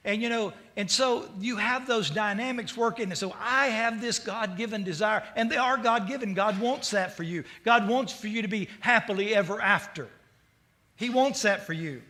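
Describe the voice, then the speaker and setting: A male pastor preaching a sermon in an energetic, conversational storytelling way. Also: high voice.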